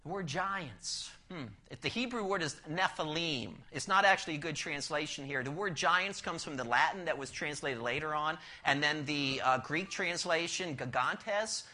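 A man preaching an expository sermon, asking the listeners rhetorical questions and swinging from loud emphasis down to a near-whisper. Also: fairly high pitch, normal speed, few pauses.

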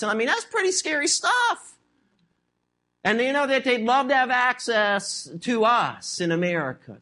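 A preacher delivering a sermon with steady emphasis. Key phrases get repeated for weight, and rhetorical questions are pressed at the listeners. The pitch sits in an ordinary middle range. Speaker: pastor.

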